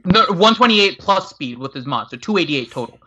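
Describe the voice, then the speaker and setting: A man's voice: high-pitched, animated, a little fast, highs cut off, a crowd in the background. A man co-hosting a gaming livestream, explaining things methodically. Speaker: co-host. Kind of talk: casual livestream chat.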